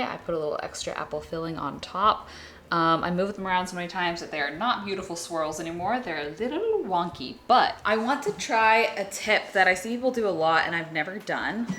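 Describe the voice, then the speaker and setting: A woman's voice: on the low side, animated, normal speed, a bit bright. A young woman vlogger chatting casually and upbeat while baking in her home kitchen. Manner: chatty, upbeat, self-deprecating.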